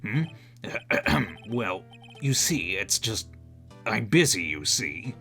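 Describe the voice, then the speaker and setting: A man voicing a pompous, evasive old male lawyer with a gruff, drawling manner. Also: lowish voice, very animated, slow pace, bright, forceful tone, soft background music, heavily acted.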